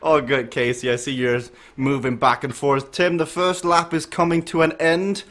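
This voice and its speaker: A man's voice: a little high, flat delivery, moderate pace, fairly bright tone. A man hosting a casual live stream of a group bike ride, joking and laughing often and asking riders questions. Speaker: host of a virtual cycling group ride stream.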